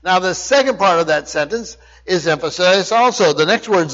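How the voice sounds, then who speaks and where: High-voiced man teaching a sermon. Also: animated, moderate pace, fairly bright tone, muffled recording. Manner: explanatory, questions to the congregation. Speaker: Bible teacher.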